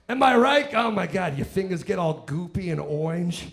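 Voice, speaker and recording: High raspy guy doing rowdy stand-up, swearing a lot, rambling and yelling at the crowd. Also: animated, moderate pace, hardly any pauses. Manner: profane, rambling, bursts of shouting. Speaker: stand-up comedian. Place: live comedy stage.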